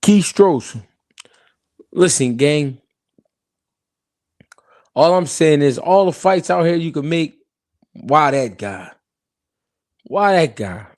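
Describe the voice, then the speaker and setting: Man, boxing stream host, heated, animated, talks to chat, higher voice, dry close sound. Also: takes it slowly, long pauses, no room sound. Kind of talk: live-stream boxing talk.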